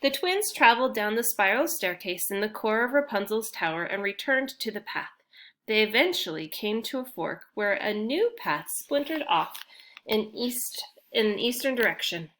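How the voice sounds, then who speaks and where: A woman's voice: mid-range voice, expressive, moderate pace, a bit bright. A woman narrating a children's fantasy chapter as an audiobook reader, reading steadily and now and then restarting a phrase. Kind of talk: storybook narration.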